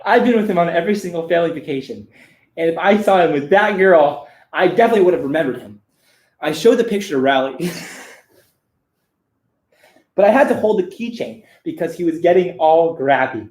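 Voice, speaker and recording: A man giving a deadpan, mock-serious reading of a children's book on a live stream, breaking off for crude asides. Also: fairly high pitch, brisk, pauses often, echoey room.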